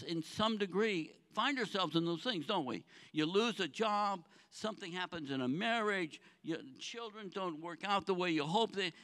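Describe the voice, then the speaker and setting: A male pastor with a notably high voice delivers a sermon. He pleads and presses, dropping into quiet low phrases and then climbing back up with rhetorical questions to his listeners. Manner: earnest, with rhetorical questions to the congregation; swings between soft low phrases and raised, pressing ones.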